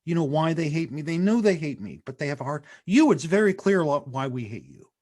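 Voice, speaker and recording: A man hosting a comedy podcast, chatting casually and telling stories in an animated, joking way. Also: a little high, a little fast. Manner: animated, jokey storyteller. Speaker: podcast host.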